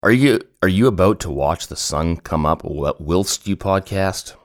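Deep-voiced man with a groggy morning voice. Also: expressive, measured pace, no room sound, clean studio sound. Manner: joking, teasing banter. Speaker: podcast co-host. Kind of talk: casual podcast chat.

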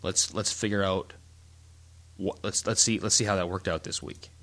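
A middle-aged man co-hosting a casual chat, telling stories in a rambling, animated way with many restarts. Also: low voice, moderate pace. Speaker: podcast co-host.

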